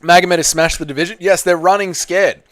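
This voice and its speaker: A man's voice: high-pitched, fairly even intonation, brisk, fairly bright tone, dry recording, studio quality. An Australian man hosting a live stream, reading viewer chat aloud and answering in crude, joking banter. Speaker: channel host.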